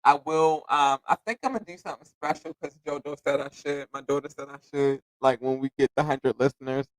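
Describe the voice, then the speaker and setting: A man's voice: mid-range voice, steady tone, fairly quick, no echo, rough recording. A man hosting his own podcast in a casual solo chat, talking in an effusive, grateful way and rambling, sometimes tongue-tied. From United States. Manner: effusive and grateful, repeating thanks and shout-outs; rambling, self-correcting, occasionally tongue-tied. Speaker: podcast host.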